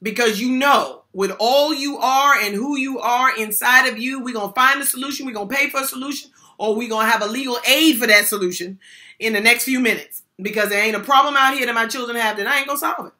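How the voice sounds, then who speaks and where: A woman's voice: on the high side, fast talker, sharp tone. An older woman giving a motivational workshop talk on supporting people, speaking emphatically in a folksy way and repeating key phrases.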